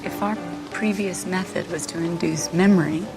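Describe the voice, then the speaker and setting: A woman's voice: fairly low pitch, fairly even intonation, moderate pace, close to an everyday voice. A woman playing an earnest follower in a film scene, politely questioning her leader. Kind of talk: film drama acting. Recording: film clip with music.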